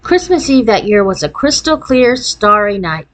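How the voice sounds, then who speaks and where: A woman reads a children's chapter book aloud at a mid-range pitch. Her narration follows an expressive storybook cadence. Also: normal speed, poor audio.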